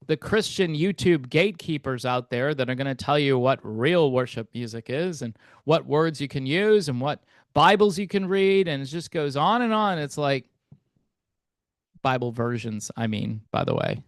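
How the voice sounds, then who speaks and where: A man's voice: mid-range voice, dry recording. Guy ranting casually to his channel, lots of ums, pretty dry sound. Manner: opinionated, conversational, frequent fillers and repeats. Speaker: host. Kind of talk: casual commentary monologue.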